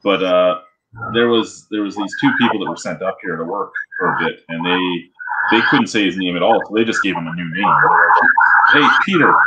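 A man with a fairly low voice chats loosely on a podcast. He rambles through stories, swears freely and restarts his sentences often. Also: a little fast, muffled recording, heavy background noise. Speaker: podcast co-host. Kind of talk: casual chat.

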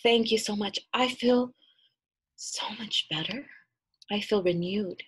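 Lady doing an old wounded grandma spirit, slow and breathy, kinda sly. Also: medium pitch. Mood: grateful. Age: over 60.

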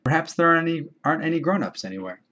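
A man's voice: a little high, lively intonation, very fast, bright, forceful tone, lo-fi sound, voice pushed up. A man reading an offhand fair-haired schoolboy. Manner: casual and offhand.

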